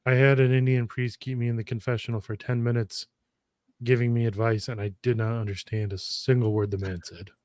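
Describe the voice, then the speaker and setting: A man's voice: mid-range voice, flat delivery, a little fast, a little mellow, no echo, clean studio sound. A man co-hosting a podcast, telling wry stories in casual chat. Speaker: podcast co-host.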